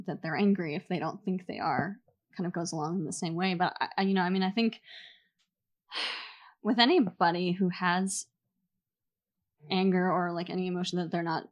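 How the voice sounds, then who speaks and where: A woman's voice: lowish voice, steady tone, moderate pace, pauses often, dull audio. A woman on a panel, thinking aloud with many fillers and some laughter. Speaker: panel guest, author. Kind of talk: casual panel answer.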